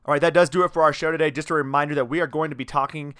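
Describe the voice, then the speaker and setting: A man's voice: a little high, rapid-fire. A young man hosting a sports podcast, joking and chatting casually with a guest and reading the sign-off. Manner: energetic, self-mocking, joking banter. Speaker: podcast host.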